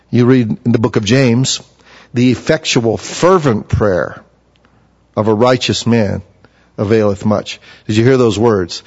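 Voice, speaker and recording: A man delivers a sermon with earnest conviction, and his voice jumps higher whenever he speaks for someone he quotes. He is recorded in a reverberant hall that leaves a long echo, and the sound is slightly muffled. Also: a little mellow, husky. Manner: earnest, rises in pitch to voice quoted figures. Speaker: preacher.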